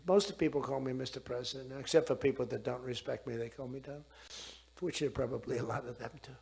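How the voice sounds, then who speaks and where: A man's voice: medium pitch, fast, vocal fry, darkish tone. A man in his seventies giving a rambling speech, digressing and repeating himself.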